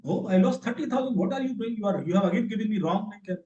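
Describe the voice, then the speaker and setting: A man's voice: sits high, animated, quick pace, mellow, distant mic, dull audio, voice pushed up. A man with an Indian English accent voicing an upset young woman who lost money, complaining in a raised, indignant voice in an echoey hall.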